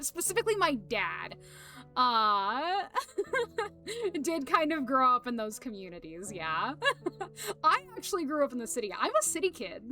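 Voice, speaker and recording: A woman's voice: high voice, sharp tone. A young woman streaming, chatting casually to viewers, rambling with lots of fillers, laughter and swearing.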